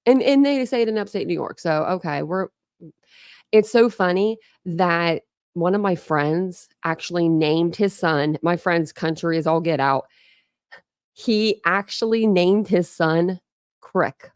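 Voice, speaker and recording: Speaking a little slowly in a smooth, fairly low-pitched voice, this woman hosts a casual live stream commentary channel. She's from Ohio, with a Philadelphia family influence in her accent, and she chats loosely with viewers, rambling through many fillers and frequent laughs. The recording is dry with clean studio sound.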